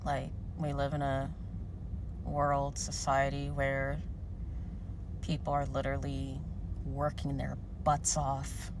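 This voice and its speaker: A weary woman talking sympathetically about people working hard and barely getting by. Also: rumbling low. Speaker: vlogger in a played clip. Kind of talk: reflective vlog. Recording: vehicle noise behind.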